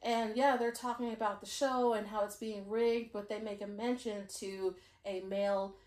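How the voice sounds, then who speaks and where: A woman co-hosting a casual drama recap, telling the story in an animated way and slipping into quoted voices. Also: medium pitch, moderate pace, echoey room. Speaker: podcast co-host.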